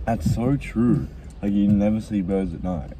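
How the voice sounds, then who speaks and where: A man's voice: on the low side, a little slow, mellow, slight background noise, rough recording. A young man, chatting casually with friends and laughing as he retells a story. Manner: laughs often, retells stories with quoted lines. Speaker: co-host. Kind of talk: casual chat. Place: in a car.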